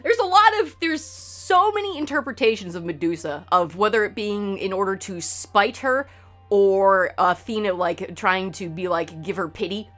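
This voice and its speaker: A woman's voice: medium pitch, expressive, normal speed, a bit bright. A woman streamer rambling to her chat at home, swearing freely and jumping between topics. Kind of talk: casual chat with stream viewers. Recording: faint game music behind.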